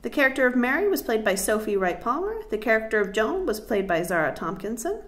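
A woman's voice: on the high side, very animated, fast, a bit bright, reverberant. A woman hosting a podcast, chatting in a friendly way and laughing easily. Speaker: podcast host. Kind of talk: casual chat.

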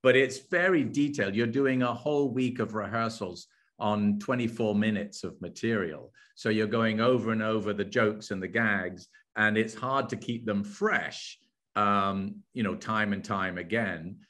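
A man with a London English accent, speaking as an actor guest in a relaxed interview, with fillers and restarts. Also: lowish voice, a little slow. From England. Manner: conversational, with frequent fillers and restarts. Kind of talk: interview chat.

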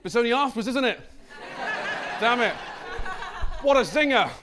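A man's voice: very high-pitched, expressive, moderate pace, a crowd in the background, background noise. A British man performing an absurd stand-up monologue, awkward and building to manic outbursts. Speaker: stand-up comedian.

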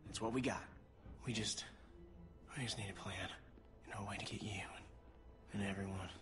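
A man voicing a worried young man on the run, talking in an urgent, hushed way. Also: lowish voice, steady tone, a little fast, over music, close to an everyday voice. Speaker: video game character.

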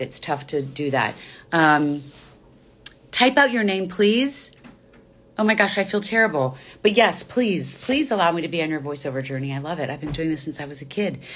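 A woman's voice: sits low, a bit bright. Affectionate woman signing off a live stream. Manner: gushing, affectionate sign-off chatter. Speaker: voice actor and coach. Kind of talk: casual live stream chat. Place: studio.

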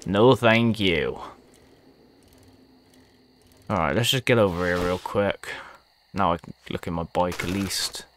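A man's voice: low voice, a little slow, a little hiss or hum. A young man giving let's-play commentary to his viewers, frustrated and swearing often. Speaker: gaming video creator.

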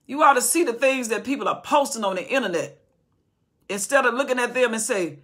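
Fervent woman preacher, forceful, husky. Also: on the high side, lively intonation, a little fast. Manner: fervent, repetitive, conversational preaching. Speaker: Bible teacher. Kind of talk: impassioned Bible study sermon.

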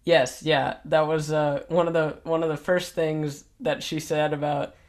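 A man's voice: fairly high pitch, little pitch movement, unhurried. A teenage boy hosting an interview, speaking hesitantly with many fillers and restarts. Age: teens. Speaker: host. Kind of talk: casual interview chat.

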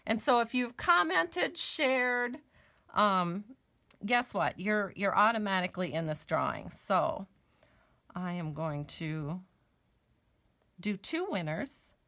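A woman's voice: medium pitch, lively intonation, slow, pauses often, pushed and bright. A woman hosting a live stamping and card-making demonstration at her crafting table. She talks in a chatty way and gushes over her work.

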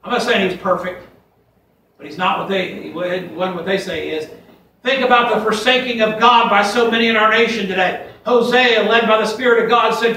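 Bright-voiced preacher in an echoing church. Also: male voice, sits high, normal speed, a little hiss or hum. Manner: folksy, emphatic preaching with scripture quotes. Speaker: pastor. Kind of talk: fiery sermon. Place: church sanctuary. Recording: echoey church from a distance.

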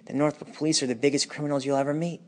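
A man delivers a raw, emotional personal monologue, anguished and bitter, moving between hushed and intense delivery. His pitch is fairly high and his tone steady, and he speaks at a racing pace.

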